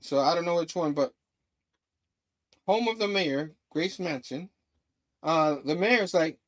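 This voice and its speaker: A man's voice: fairly high pitch, a little slow, pauses often, rough recording. A man hosting a casual comic book review over a video call, rambling through the story scene by scene. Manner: rambling, retells scenes with "and he's like". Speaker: show host.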